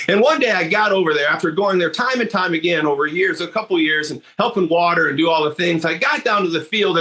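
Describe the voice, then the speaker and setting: A man's voice: on the high side, pushed and bright. Earnest older man telling a story. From Michigan, USA. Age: 60s. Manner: earnest, with frequent restarts and repeated words. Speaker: motivational speaker. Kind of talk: personal storytelling monologue.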